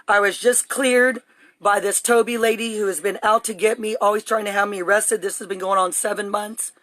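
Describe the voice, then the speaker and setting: A woman's voice: medium pitch, fairly even intonation, a little fast, fairly bright tone, no echo. A woman streaming live on her phone from inside her home, talking in an urgent, agitated, rambling way. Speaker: livestreamer. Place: home, indoors.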